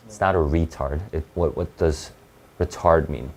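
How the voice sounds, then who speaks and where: A man's voice: rumbling low, fairly even intonation, a little slow, slightly rough. A man teaching an online reading lesson for test prep, thinking aloud and checking in with "right?" often.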